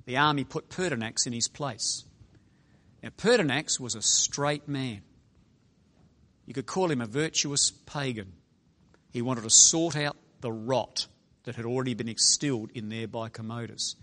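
A middle-aged man preaching to young people in a dramatic storytelling style, swinging from loud exclaiming to hushed asides. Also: mid-range voice, measured pace.

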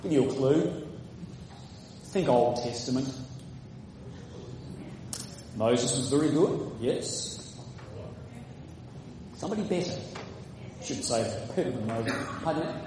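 A man preaching a sermon, quizzing his congregation and reading scripture slowly and earnestly. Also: mid-range voice, lively intonation, a crowd in the background. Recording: echoey hall recording.

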